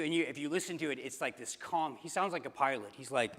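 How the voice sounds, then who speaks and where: Guy preaching in a church, chatty storytelling, kinda high bright voice, big echoey hall. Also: brisk. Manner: conversational, storytelling with fillers and restarts. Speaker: pastor. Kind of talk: sermon. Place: church sanctuary. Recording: long church hall reverb.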